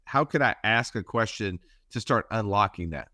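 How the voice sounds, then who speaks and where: A man with a lowish voice asks long, earnest questions as a podcast co-host and thinks aloud as he goes. The sound is dry and close to the mic. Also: animated, normal speed, pushed and bright, dry recording. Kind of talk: podcast interview, asking questions.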